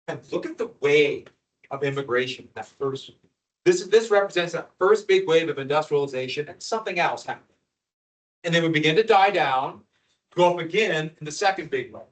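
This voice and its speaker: A man teaching a history lecture to a class, animated and quizzing students as he goes. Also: on the high side. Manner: animated, asks the class questions. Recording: echoey classroom from far off.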